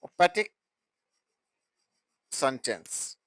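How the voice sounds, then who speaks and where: A man teaching English grammar in a halting way, with restarts and broken phrasing. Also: fairly bright tone, no room sound, low-quality recording. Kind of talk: classroom grammar explanation.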